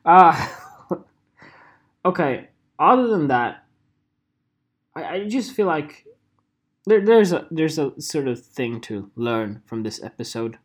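A man's voice: fairly high pitch, slow, pauses often, slightly rough. A young man from Sweden with a Swedish accent, talking casually to camera as a photographer in a rambling, jokey vlog monologue. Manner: rambling, animated, jokey asides with playful voices.

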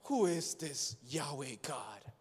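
A man's voice: a little high, expressive, slow pace, breathy edge, pitched below the performer's own voice, heavily acted. A preacher doing a scornful proud king. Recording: long hall reverb.

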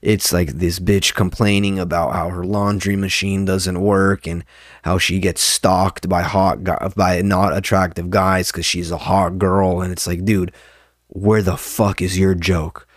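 Young man, very low voice, rambling profane rant, dry close sound. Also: little pitch movement, a little slow, no echo. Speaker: podcast host, open mic comedian. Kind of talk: casual monologue.

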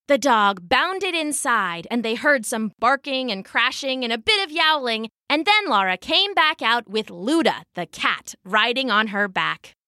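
A woman narrates a children's folktale in a playful, lilting way, her voice high and bright. She takes her time, and her pitch rises and falls a lot. The recording is dry and close, with faint music underneath. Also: big pitch swings, measured pace, few pauses, no echo. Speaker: storyteller. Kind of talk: scripted storybook narration.

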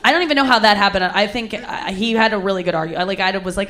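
A woman's voice: medium pitch, fast, fairly bright tone. A young woman telling a crude personal story with candid, self-mocking humor, laughing often.

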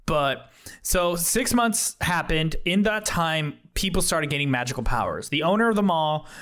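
Excitable man running a tabletop game. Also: on the high side, normal speed. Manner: rambling, excitable, slangy. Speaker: game master. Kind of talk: narrating a tabletop game, voicing characters.

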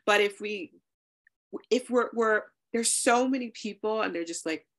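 A woman host speaks in a casual podcast chat, with a gravelly, fry-laced voice in a middle register. She talks in a fervent, motivational way and swears for emphasis. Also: mid-range voice, unhurried, fairly bright tone. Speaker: podcast host and spiritual coach.

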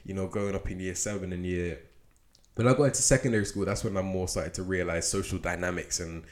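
A man's voice: low-pitched, fast. A young man hosting a podcast, chatting casually and laughing at himself as he recalls his school years. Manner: relaxed, self-deprecating, laughs a lot. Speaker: podcast host.

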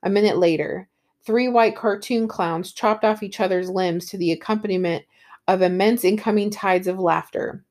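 A woman's voice: medium pitch, fairly even intonation, normal speed, a little mellow. A woman enthusiastically talking about a novel in casual book talk, then reading a passage aloud. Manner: enthusiastic, with fillers like um and you know. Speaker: book reviewer.

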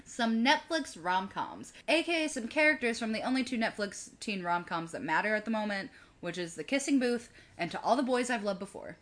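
Lively, playful Southern woman. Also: mid-range voice, a little fast, few pauses. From the American South. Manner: playful, teasing banter. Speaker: co-host. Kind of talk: casual comedic chat.

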